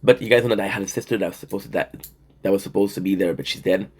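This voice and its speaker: A man's voice: sits low, very fast, husky. A young man streaming and telling stories in casual, profane, rambling talk full of fillers. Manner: profane, animated storytelling with frequent fillers.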